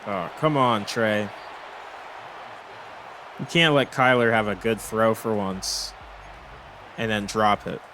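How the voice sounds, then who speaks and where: A man's voice: lowish voice, fairly even intonation, slow pace, long pauses, a bit bright, a little hiss or hum. A young man commentating his own football video game, exasperated and swearing as he rambles through complaints. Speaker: gaming commentator. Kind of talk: frustrated gameplay commentary.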